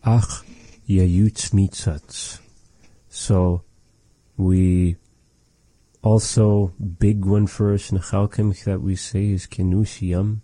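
A man teaching phrases in a casual language lesson, patient, repeating words slowly and joking now and then. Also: low-pitched, little pitch movement, mellow, no room sound.

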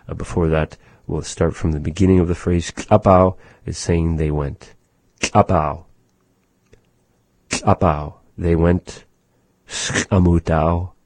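Low husky guy teaching a language lesson, slow and patient, dry close sound. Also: mellow, no echo. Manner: slow, patient, repeats words for listeners.

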